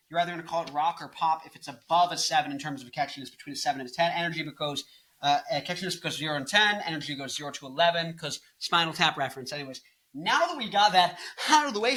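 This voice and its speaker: A young man in his twenties talks through music commentary in a loose, rambling way, cracking jokes and drifting off topic. His voice is bright and forceful and sits a little high for a man. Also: expressive, fast, a little hiss or hum. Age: 20s. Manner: jokey, rambling, goofs off into silly bits. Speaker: music video host.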